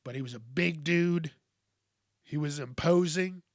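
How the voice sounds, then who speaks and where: A man hosting a podcast, speaking in a candid, reflective monologue that is full of cursing, with frequent pauses and soft trailing-off. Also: fairly high pitch, no echo, clean studio sound. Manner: candid, profane, pauses often and trails off softly. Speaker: podcast host.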